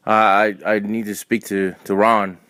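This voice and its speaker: A man's voice: fairly low pitch, level tone, measured pace, pushed and bright, dry recording. A man, an employee, answering hesitantly, stammering and apologizing.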